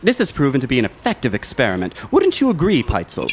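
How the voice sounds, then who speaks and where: A man's voice: mid-range voice, wildly swooping pitch, fast talker, heavy background noise. An actor playing a coldly smug, scheming male foreman who is also a doctor, speaking in a silky, condescending, menacing way. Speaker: villain.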